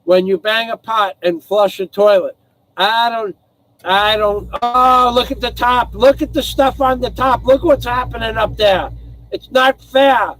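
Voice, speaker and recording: A man with a rather high voice talks slowly and loosely to his live-stream viewers from home, pausing to thank donors and read their names aloud. He sounds hoarse, as if his voice is wearing out, and he rambles from one thing to the next. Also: fairly even intonation, fairly bright tone, a little hiss or hum, low-quality recording. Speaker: livestream host. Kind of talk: casual live-stream chat.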